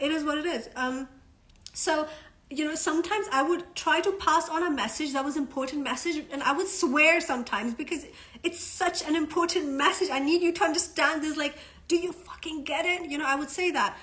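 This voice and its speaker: High-pitched lady doing a chatty live coaching stream, blunt, drops a swear here and there. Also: fairly bright tone. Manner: frank and chatty, swears, checks in with listeners. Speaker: self-development coach. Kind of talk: casual live-stream talk.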